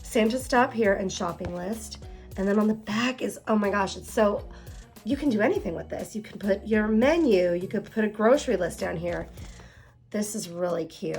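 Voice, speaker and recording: A young woman chatting casually as she unboxes planner supplies, gushing and excitable, with lots of fillers and exclamations. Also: mid-range voice, moderate pace, soft background music.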